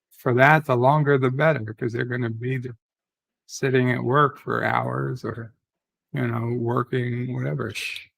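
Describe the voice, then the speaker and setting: Gravelly man, slow and easygoing, rambling chat. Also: mid-range voice, fairly bright tone, no echo, poor audio. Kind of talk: casual chat.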